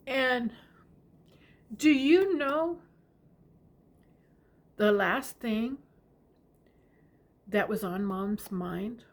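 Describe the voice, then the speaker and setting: A middle-aged woman telling a personal family story, tender and unhurried, often sinking to a whisper. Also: fairly high pitch.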